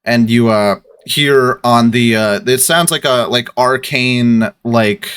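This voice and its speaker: A man's voice: medium pitch, slow, fairly bright tone, clean tone, dry recording. A man narrating as game master of a tabletop game, hesitant, with many ums and restarts.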